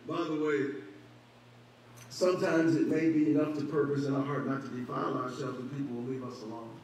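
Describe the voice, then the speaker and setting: A man's voice: mid-range voice, little pitch movement, a little fast, a little mellow, slight background noise. Man preaching in an echoey church. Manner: preaching with rising emphasis and rhetorical questions. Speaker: pastor. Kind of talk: sermon. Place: church sanctuary. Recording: echoey church hall, distant mic.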